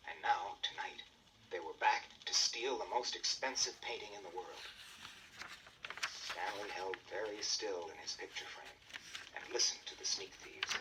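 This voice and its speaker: A man narrating a children's storybook record with expressive storytelling. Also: on the low side, a little slow, distant mic, noisy background.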